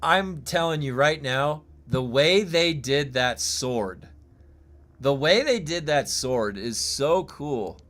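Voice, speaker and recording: A man streaming a game live, thinking aloud and reacting excitedly, swearing when things break. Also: medium pitch, slow pace. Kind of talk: live gameplay streaming commentary.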